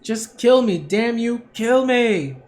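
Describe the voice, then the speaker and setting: A man's voice: very high voice, expressive, takes it slowly, pitched above the performer's own voice, full character voice. A man voicing a defeated male bandit who blusters defiant threats while begging to be killed. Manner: spits out threats, pleading to be killed.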